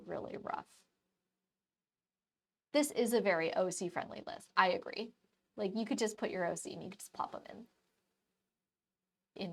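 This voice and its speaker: A woman hosting a live art stream, chatting casually and softly with her viewers while she paints. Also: medium pitch. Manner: soft-spoken, chatty, relaxed. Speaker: live-stream artist host.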